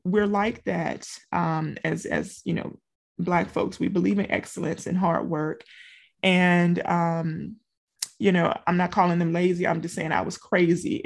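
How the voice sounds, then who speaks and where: With a fairly low pitch, vocal fry and a breathy edge, this middle-aged woman from a small Louisiana town coaches businesspeople. Her motivational talk is casual and chatty, spoken right to listeners with lots of asides.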